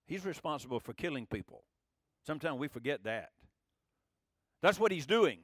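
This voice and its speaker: High-voiced preacher man, dry sound. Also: very animated, normal speed, long pauses, no room sound. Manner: conversational preaching, rising for emphasis. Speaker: pastor. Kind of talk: sermon.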